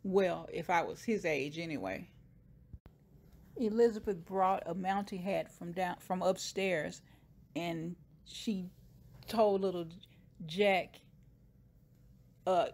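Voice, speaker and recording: A woman's voice: fairly low pitch, animated, slow, long pauses, a little mellow. A woman casually retelling a TV episode scene by scene, briefly voicing the characters' lines. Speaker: show recapper.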